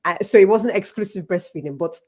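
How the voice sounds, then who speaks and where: A woman's voice: mid-range voice, brisk, a little mellow. A woman in her thirties, a health professional, talking candidly in a live panel discussion and laughing often.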